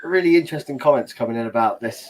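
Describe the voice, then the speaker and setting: A man on a panel show, chatting casually and passing on viewer comments, animated and often stumbling over repeated words. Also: mid-range voice, quick pace, rough recording. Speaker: panelist reading chat comments.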